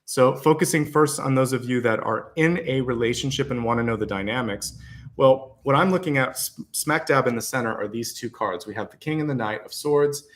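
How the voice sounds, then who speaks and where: Man, tarot reader, mid-pitched voice, confident, encouraging, chatty with fillers. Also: a little fast, a bit bright. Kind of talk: tarot reading for viewers.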